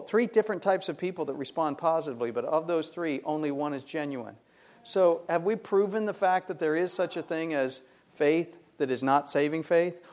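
A middle-aged pastor preaching to his congregation, his voice a touch higher than most men's. He leans hard on rhetorical questions and answers them himself with rising emphasis. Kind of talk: sermon.

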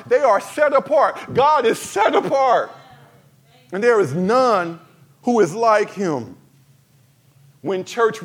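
A man preaching a sermon to his congregation, swinging from fervent cries to soft, emphatic lines and addressing the church directly. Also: sits high. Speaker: pastor.

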